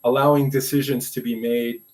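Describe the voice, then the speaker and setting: A man's voice: medium pitch, level tone, moderate pace, low-quality recording. An older man from Brooklyn, a veteran school administrator, telling stories in a casual, rambling way with many restarts and asides. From Brooklyn, New York. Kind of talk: casual conversational storytelling.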